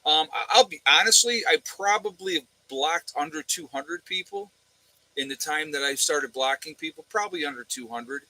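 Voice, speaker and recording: A man hosts a casual livestream chat from a room at home with a fan running, blunt and sarcastic, rambling with plenty of uhs and ums. His pitch is fairly high with lively intonation, his tone bright and forceful, at a normal speed. The recording is rough, with no room sound.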